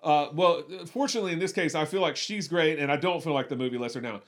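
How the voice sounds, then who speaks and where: A podcast co-host chats casually about movies, restarting sentences and repeating words as he talks. His voice is fairly high, and he speaks fast.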